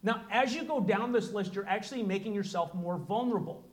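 High-voiced man explaining to an audience. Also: brisk. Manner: earnest, explanatory, acts out short dialogues. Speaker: presenter. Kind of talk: talk to a live audience. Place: room with an audience.

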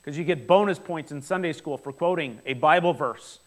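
High-voiced man preaching earnestly. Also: brisk. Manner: earnest, conversational preaching with rhetorical questions. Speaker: pastor. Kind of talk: sermon. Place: church hall before a congregation.

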